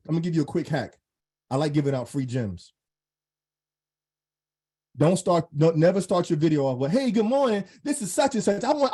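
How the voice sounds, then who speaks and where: Guest mentor, male, mellow husky voice, fired-up motivational delivery on a group call. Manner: high-energy, emphatic, repeats phrases. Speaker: guest speaker and content mentor. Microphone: online call microphone.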